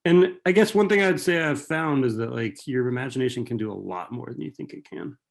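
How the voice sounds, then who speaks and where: Gravelly-voiced man, rambling and casual. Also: medium pitch, animated, brisk. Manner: rambling, filler-heavy, frequent rhetorical "right?". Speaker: author and writing professor. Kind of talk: casual talk answering audience questions.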